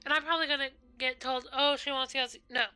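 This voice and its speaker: A woman's voice: high voice, fairly even intonation, fairly quick, pushed and bright, faint music behind. A woman streaming a game, chatting casually and telling rambling, profane stories.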